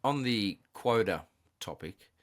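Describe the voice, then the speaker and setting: A man's voice: lowish voice, lively intonation, slow, fairly bright tone. A man hosting a podcast, talking in an easygoing, anecdotal way. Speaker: podcast host. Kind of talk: casual conversation.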